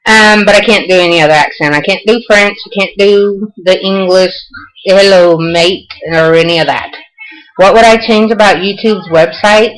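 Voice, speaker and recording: Her medium-pitched voice moves at a moderate pace, captured in a low-quality recording. An older woman with a Southern US accent, she casually fields questions in a home vlog, folksy and self-deprecating.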